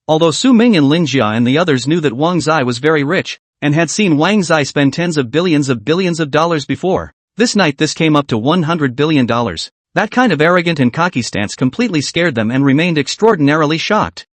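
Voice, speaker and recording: A man's voice: on the high side, animated, brisk, few pauses, no echo. A man reading a scripted comic story recap with dramatic, clipped exclamations. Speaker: narrator.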